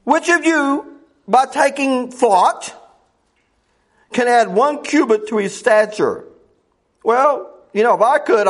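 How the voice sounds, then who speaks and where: In his folksy sermon, a middle-aged preacher quotes scripture in old-style phrasing and moves back and forth between loud climaxes and soft murmurs.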